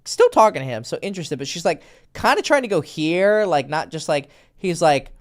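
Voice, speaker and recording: A man chatting on a podcast as a dating coach, blunt and casual with easy swearing. His pitch jumps around animatedly as he plays out other people's texts in his stories. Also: moderate pace. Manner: animated storytelling, acts out quoted texts.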